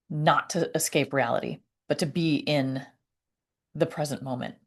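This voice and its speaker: A woman talking to camera about her personal healing, halting and searching for words with many fillers and restarts. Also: sits low. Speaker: vlogger. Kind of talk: reflective personal talk to camera.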